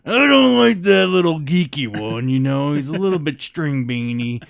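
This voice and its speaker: A man's voice: fairly high pitch, big pitch swings, unhurried, creaky, no room sound, clean studio sound, pitched above the performer's own voice, full character voice. A man voicing a wary townsperson who drawls dismissively in a raised voice. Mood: grudging.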